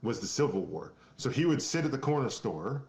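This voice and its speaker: In a reverberant recording, a Maine man who founded a company talks fairly quickly in a very animated, mid-range, slightly mellow voice. It's a casual podcast interview, and he's earnest but rambling, restarting his sentences many times.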